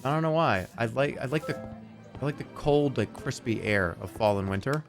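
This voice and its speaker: Rambling, profane man with lively pitch. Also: normal speed, creaky, over music. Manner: rambling, profane, acts out scenes in loud voices. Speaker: streamer. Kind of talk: casual livestream chat.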